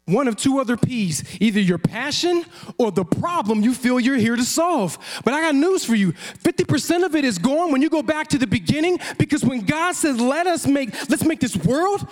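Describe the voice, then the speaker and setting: A high-voiced man preaching a sermon. He is animated and lively, slipping into acted-out quotes and laughing along the way. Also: moderate pace. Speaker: pastor.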